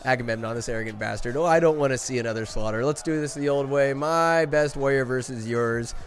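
Man playing a weary old king, grumbling, blunt, ordinary mid pitch. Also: fairly quick, faint music behind, lightly acted. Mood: scornful. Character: weary old king seeking to avoid battle.

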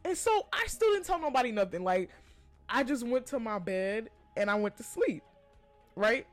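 A woman with a high voice tells a personal story to her podcast listeners. She talks casually and curses freely, often laughing between lines. Faint music plays behind her. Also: expressive, normal speed. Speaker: podcast host.

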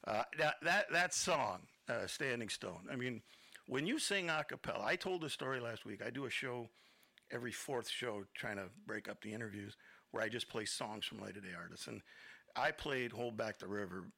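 A man's voice: mid-range voice, lively intonation, moderate pace, vocal fry, bright, forceful tone, no echo. A man hosting an internet radio interview show, talking in a nervous, rambling, chuckling way. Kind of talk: casual interview chat.

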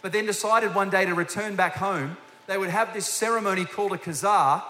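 Bright-voiced man preaching. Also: sits high, a little fast. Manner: energetic storytelling, asks the congregation direct questions. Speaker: guest preacher, senior minister. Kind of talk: sermon. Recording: echoey hall with faint hiss.

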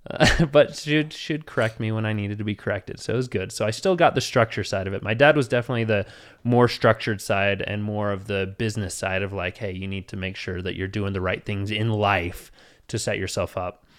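A man in his thirties co-hosts a podcast, speaking a little fast in a lowish voice as he tells rambling stories in casual conversation. He laughs often and gets animated when quoting other people.

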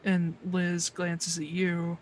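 A game master narrating a tabletop session in a relaxed, filler-heavy way. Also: mid-range voice, slow pace, a little hiss or hum.

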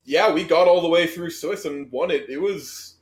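A man's voice: on the high side, normal speed. A man in his thirties chatting casually as a podcast guest, self-deprecating and laughing often. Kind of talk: casual chat.

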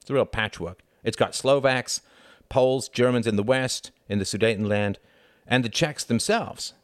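A man's voice: medium pitch, moderate pace, no room sound, clean studio sound, pitched above the performer's own voice, close to an everyday voice. A man reading an audiobook, voicing a worldly father who lectures his sons on politics in a pompous, instructive way. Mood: lecturing. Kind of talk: audiobook character voice.

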